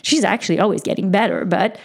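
Woman, native French speaker with a Quebec accent, mid-pitched, animated casual storyteller. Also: fast talker, vocal fry. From near Montreal, Quebec. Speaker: podcast guest. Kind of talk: casual chat.

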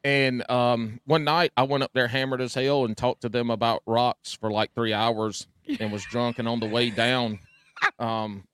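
A man's voice: mid-range voice, level tone, unhurried, a bit bright, slight background noise. A man, co-hosting a podcast and telling rambling, self-mocking stories in casual chat. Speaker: podcast co-host.

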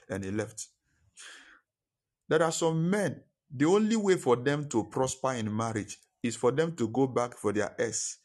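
A man's voice: medium pitch, animated, measured pace, a little mellow. A man preaching a sermon, stressing points and repeating key phrases.

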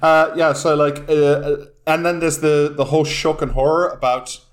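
A man's voice: a little high, level tone, normal speed. A British man co-hosting a casual comedy chat, sweary and sarcastic, often acting out mocking quotes. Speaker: podcast co-host.

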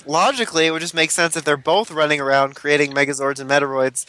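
A man's voice: on the high side, fairly even intonation, fast, pushed and bright, slight background noise. A man in casual chat who throws in joking asides and laughs often. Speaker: podcast co-host.

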